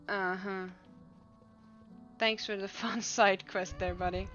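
A woman's voice: medium pitch, fairly even intonation, takes it slowly, pauses often, a bit bright, lo-fi sound. A woman streamer chatting casually over gameplay, swearing and laughing often. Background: faint game music.

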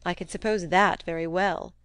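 A woman's voice: mid-range voice, expressive, normal speed, no echo, lightly acted. A woman reading the part of a plain-spoken young woman with a dry, blunt manner.

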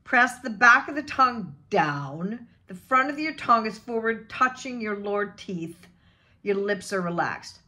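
A woman coaches vowel sounds in an unhurried, measured way. Her voice is bright and crisp, and she stretches each example word out slowly. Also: mid-range voice, lively intonation. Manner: demonstrates vowel sounds with slow drawn-out example words. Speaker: voice and accent coach. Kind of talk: vowel pronunciation lesson.

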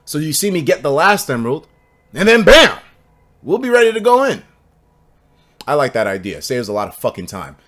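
Male streamer, loose and profane chat with viewers, very expressive pitch. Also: brisk. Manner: animated and profane, joking with chat. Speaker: game streamer. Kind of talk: casual live-stream chat.

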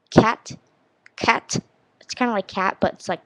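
A woman's voice: mid-range voice, fairly even intonation, extremely slow, gravelly, long pauses, slight background noise. A young woman in her teens, casually vlogging, rambling and self-deprecating as she practices counting and saying words. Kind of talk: casual vlog chat.

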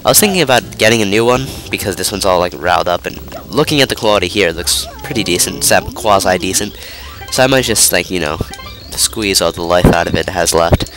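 Brisk and low-pitched, with lively intonation and hardly any pauses, this young man provides casual let's play commentary. A cold makes him sound congested and nasal, and his talk rambles with frequent self-interruptions and fillers, backed by game music.

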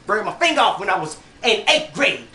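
A man doing a comic rant to camera, boisterous and teasing, swinging between loud bursts and mumbles. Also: sits high, very animated, fairly quick, slight background noise.

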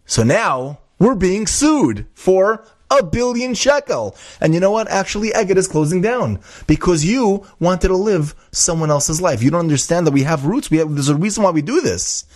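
An enraged bus company boss, put on by a man in a voice pushed well up from his usual, sputtering and scolding as he tears into his employee. He sounds husky and worked up, his words tumbling out in exasperation. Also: medium pitch, moderate pace, darkish tone, no room sound, studio quality, voice pushed up, close to an everyday voice. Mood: furious scolding. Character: angry ranting male bus company boss.

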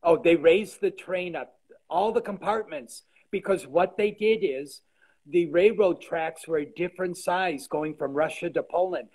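An older man in his sixties talks with a fairly high voice over a video call. He is a guest telling stories in an animated, casual way, often trailing off and restarting mid-sentence. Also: unhurried, husky, low-quality recording. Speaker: guest artisan. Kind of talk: casual interview chat.

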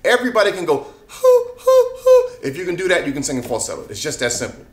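Racing along and very animated, this man has a voice that's a little high and fairly bright. He's a singing teacher running a relaxed lesson, laughing easily between points and frequently checking "you know what I mean?". It's recorded in an echoey room.

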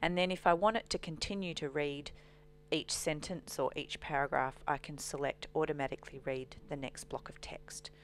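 A woman walking through a software demonstration as a trainer, explaining steadily with frequent ums. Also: sits low, steady tone, normal speed, slight background noise.

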